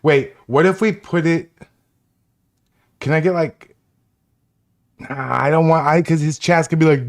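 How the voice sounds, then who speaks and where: Man, stream host, slightly high voice, excitable, profane, casual. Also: a little slow, pauses often. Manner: excitable, profane, talks over himself. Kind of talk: casual live stream chat.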